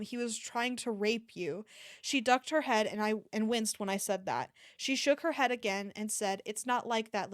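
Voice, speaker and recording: A woman streamer reading a novel aloud in a low, quiet voice, with occasional stumbles and restarts, into a close microphone at home. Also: no echo. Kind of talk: casual read-aloud of a novel.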